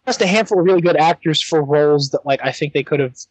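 On a roughly recorded podcast, a young male co-host talks fast in a slightly high voice. The chat is casual, but he's hesitant, filling it with ums and starting sentences over.

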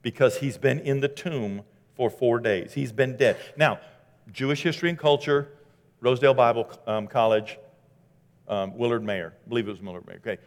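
A man preaching a sermon in a conversational, animated way, acting out scripture quotes as he goes. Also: medium pitch, normal speed. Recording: long hall reverb.

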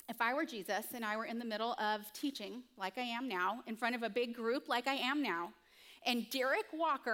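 Animated, fairly high-voiced woman preaching. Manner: conversational, animated storytelling. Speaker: pastor. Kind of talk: sermon. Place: church stage before a congregation.

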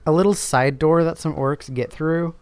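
A man's voice: on the high side, steady tone, normal speed, clear, resonant tone, no room sound. A man co-hosting a podcast, chatting casually about a book with playful, jokey comparisons. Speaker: podcast co-host.

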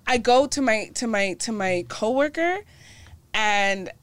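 Animated woman telling a story. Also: on the high side, a little slow, slight background noise. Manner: storytelling, animated, laughing often. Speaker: podcast co-host. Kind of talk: casual chat.

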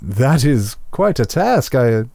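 A man's voice: medium pitch, very animated, slow pace, creaky, dark tone, no echo, heavily acted. A man voicing a possessed elf woman who is politely formal and slightly condescending.

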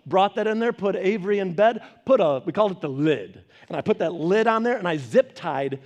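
A middle-aged pastor with a high-pitched voice talks a little fast while teaching a Bible study. Conversational in tone, he tells family stories and animatedly performs the voices of the people in them.

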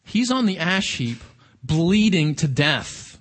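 A man with a high voice delivers a sermon. He talks to his listeners casually but with emphasis, often asking them questions. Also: sing-song, takes it slowly. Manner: conversational, emphatic with rhetorical questions. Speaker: preacher.

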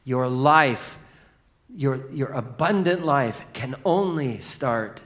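Guy pastor giving a sermon, goes quiet then gets loud and excited telling stories. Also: medium pitch, slow. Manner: swings from hushed to loud and excited; storytelling, animated.

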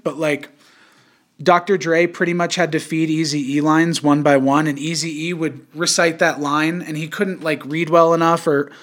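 Casting note: young male podcast host, slightly high pitch, loose rambling delivery, swears freely. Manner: rambling, profane, many fillers and restarts. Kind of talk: casual podcast chat.

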